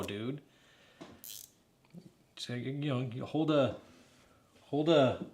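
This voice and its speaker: A man's voice: mid-range voice, a bit bright. A man in his thirties chatting casually while building, rambling and laughing as he talks straight to his viewers. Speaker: hobbyist builder talking to stream chat. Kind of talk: casual live build chat.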